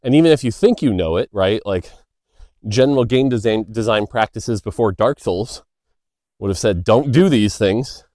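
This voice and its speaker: A man's voice: lowish voice, expressive, normal speed, dark tone, no echo, studio quality. Casual man talking on a walk. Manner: loose, filler-heavy, storytelling. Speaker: game designer. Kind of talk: casual Q&A monologue. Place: outdoors walking by a road.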